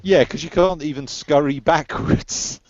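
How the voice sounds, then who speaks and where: Halting male game master over a dull call line. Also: fairly high pitch. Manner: halting, repeats words, laughs often. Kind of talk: narrating an online tabletop game. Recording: dull lo-fi online call audio.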